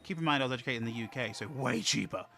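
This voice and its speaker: A man chatting casually on a stream, calm and rambling, often restarting his sentences. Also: mid-range voice, racing. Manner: rambling, calm, self-correcting. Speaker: streamer co-host. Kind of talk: casual chat.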